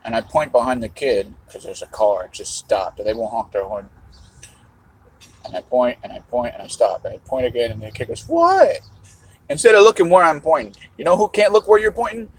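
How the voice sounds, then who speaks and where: A man's voice: medium pitch, expressive, brisk, slight background noise, rough recording. A middle-aged man vlogging in a casual livestream monologue, rambling and musing with a half-joking tone.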